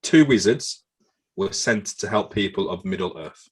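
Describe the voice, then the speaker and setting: A man with a low, somewhat husky voice runs a quiz on a casual podcast. He swears and banters freely and trips over his own words. His delivery is loose and chatty. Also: lively intonation, moderate pace. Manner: swearing, banter-heavy, repeats himself. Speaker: podcast co-host, quizmaster. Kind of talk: casual chat.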